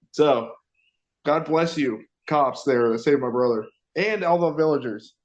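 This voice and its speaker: A man's voice: medium pitch, takes it slowly. A man co-hosting a podcast, telling a story in casual chat, swearing often and acting out the voices of the people in it. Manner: profane, animated storyteller acting out quotes. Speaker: podcast co-host.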